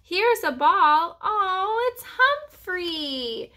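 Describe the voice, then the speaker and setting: A woman voicing a cheerful, eager little girl in a sweet, high childlike way. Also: sing-song, measured pace, pushed and bright, heavily acted.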